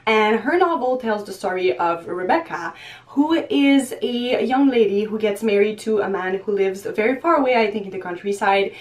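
A woman's voice: medium pitch, moderate pace. Chatty young woman book vlogger, slightly distant. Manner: chatty, often breaks into laughs. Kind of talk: casual chat to camera. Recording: voice a little distant from the mic.

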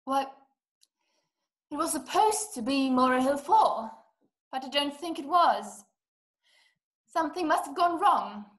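Une femme qui joue une dame riche, affolée et autoritaire. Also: female voice, high-pitched, expressive, measured pace, long pauses, low-quality recording. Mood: shaken. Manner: urgent, demanding, scolding. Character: frantic, imperious wealthy woman. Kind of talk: amateur video-call play.

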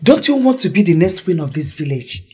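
A Nigerian woman playing a domineering, scheming mother who pushes her son to remarry, speaking loudly and emphatically. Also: on the low side, very animated, a little fast, slightly rough, faint music behind, exaggerated voice. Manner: loud, emphatic, cajoling. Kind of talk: Nollywood film acting.

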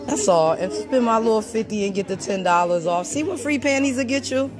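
A woman filming a dispute on her phone inside a store, loud and indignant, calling out to bystanders. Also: fairly high pitch, lively intonation, fairly quick. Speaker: customer filming a confrontation. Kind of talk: live phone recording of a dispute. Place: indoor retail store. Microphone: phone camera held by the speaker.

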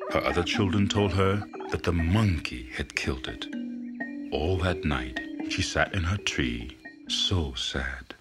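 Deep, dramatic storybook narrator. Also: male voice. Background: music.

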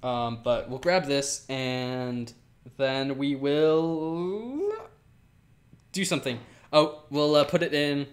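A man's voice: medium pitch, measured pace, hardly any pauses. A man casually commenting while playing a building game, rambling, laughing often and talking to the animals on screen. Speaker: Minecraft let's player.

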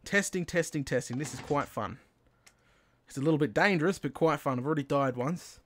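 A man narrating his own Minecraft play, talking himself through each step and bursting into excited shouts when things work. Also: on the high side, brisk. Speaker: gaming channel host. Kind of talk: Minecraft let's play commentary.

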